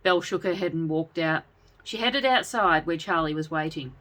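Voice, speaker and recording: A woman reading a serialized story aloud with an expressive delivery. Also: deep voice, moderate pace. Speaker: narrator. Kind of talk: storybook narration.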